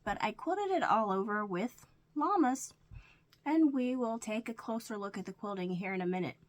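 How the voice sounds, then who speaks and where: A woman's voice: medium pitch, lively intonation, moderate pace, a little hiss or hum. A woman casually narrating her week's quilting and sewing projects, walking through each piece step by step. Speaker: crafting vlogger. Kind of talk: casual show-and-tell narration.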